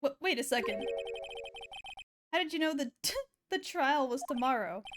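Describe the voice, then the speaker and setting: A woman's voice: sits high, expressive, moderate pace, over music. A woman voicing an earnest young male defense lawyer who stammers. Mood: flustered.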